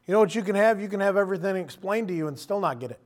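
A man delivers a sermon in a high-pitched voice. He talks to the congregation conversationally and animatedly, slipping into quoted voices as he goes. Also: expressive, racing. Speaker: preacher.

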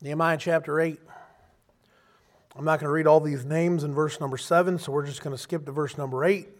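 A man preaching a sermon in a conversational, animated way, acting out quotes as he goes. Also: fairly high pitch, fairly quick.

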